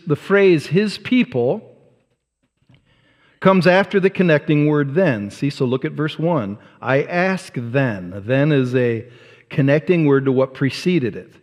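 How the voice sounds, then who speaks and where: A male pastor preaching a sermon, emphatic, asking rhetorical questions and swinging from loud to soft. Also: fairly high pitch, expressive, unhurried, in a large hall. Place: church sanctuary.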